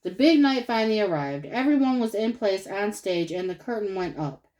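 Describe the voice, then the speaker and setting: A woman narrating a children's storybook aloud. Her voice sits at an average pitch, and her reading is expressive and animated. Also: moderate pace, low-quality recording. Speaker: storybook reader.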